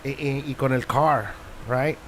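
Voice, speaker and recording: A man's voice: medium pitch, fairly even intonation, measured pace, a little hiss or hum. A man with a Tejano accent, a singer-songwriter guest telling casual anecdotes and mixing Spanish into his English. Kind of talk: casual storytelling.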